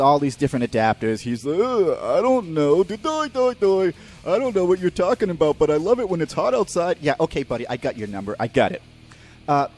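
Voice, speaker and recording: A man's voice: fairly high pitch, a little mellow. A man hosting a podcast, ranting profanely and mocking people in put-on voices. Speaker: podcast host. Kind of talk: ranting comedic monologue.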